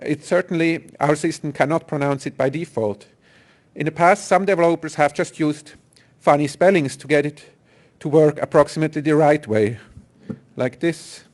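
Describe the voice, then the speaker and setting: A man's voice: fairly high pitch, normal speed. A man giving a technical conference talk, explaining step by step with some fillers and restarts. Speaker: software engineer presenter.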